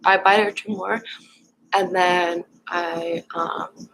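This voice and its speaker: A young woman vlogger casually telling a personal story at home, rambling and halting with lots of fillers. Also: fairly low pitch, fairly even intonation, a bit bright, low-quality recording.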